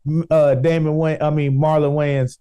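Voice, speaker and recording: A man with a Chicago accent rambles through stories on a casual podcast. His voice sits slightly high but sounds dark and mellow, easygoing even when he's poking fun. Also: normal speed, clean tone. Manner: laid-back storytelling with rambling asides. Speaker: podcast co-host. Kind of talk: casual comedic chat.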